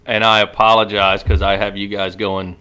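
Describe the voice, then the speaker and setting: A man's voice: lowish voice, level tone, moderate pace, bright, forceful tone, smooth. A man co-hosting a casual podcast, chiming in with jokes and cheering on the show's growth. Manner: upbeat, joking, chimes in with cheers. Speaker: podcast co-host.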